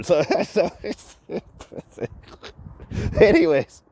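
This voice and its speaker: Low, mellow-voiced man rambling through a story. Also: moderate pace. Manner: chatty storyteller, swears, laughs often, mimics people. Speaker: vlogger. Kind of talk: rambling travel story while exploring a city. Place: outdoors in a city.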